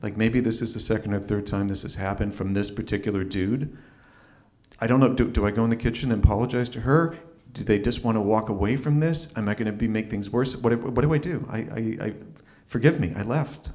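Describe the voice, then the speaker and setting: Male open mic storyteller, wry self-deprecating delivery, halting restarts, stage mic. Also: lowish voice, darkish tone. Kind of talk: live storytelling set. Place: small arts venue stage.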